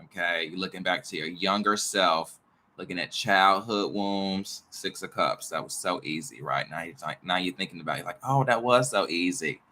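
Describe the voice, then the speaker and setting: A man's voice: low-pitched, fairly even intonation, moderate pace, pushed and bright, a little hiss or hum. A man who teaches astrology and tarot, rambling in a casual monologue, repeating himself, jumping between ideas and muttering swears.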